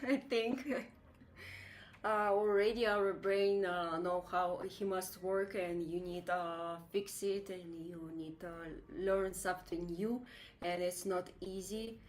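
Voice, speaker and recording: Russian-accented woman, slow and halting, faint background noise, second-language English. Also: mid-range voice. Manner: halting, searching for words. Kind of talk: casual chat.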